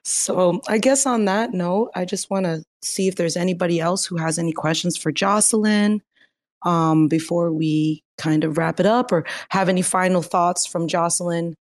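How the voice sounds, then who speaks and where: A woman hosting an online audio chat, giggly and relaxed as she moves the talk along. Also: on the low side, moderate pace. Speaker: host. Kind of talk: casual chat.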